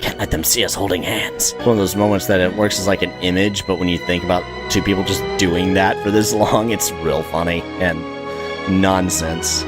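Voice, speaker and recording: A man's voice: low-pitched, fairly even intonation, moderate pace, music in the background. A man reviewing an old movie musical in sarcastic, exasperated reaction commentary.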